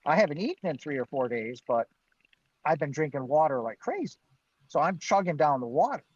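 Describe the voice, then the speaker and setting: A man's voice: on the high side, sing-song, a little fast, breathy edge, no room sound. A man, a guest on a live Q&A, telling his own story with animation, acting out what he and others said and laughing now and then. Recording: dull, dry lo-fi stream audio.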